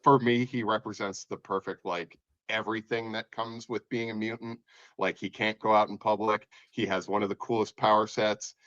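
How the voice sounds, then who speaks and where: Low-voiced man rambling excitedly. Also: normal speed, no room sound, highs cut off. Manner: rambling, restarts sentences, laughs often. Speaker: podcast co-host. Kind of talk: casual pop-culture chat. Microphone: remote podcast mic.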